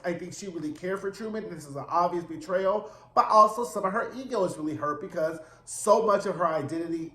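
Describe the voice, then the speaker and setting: A man's voice: sits high, fairly bright tone, reverberant. A man casually recapping and reviewing a TV episode, chatty and slangy, often asking "right?". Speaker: TV review host.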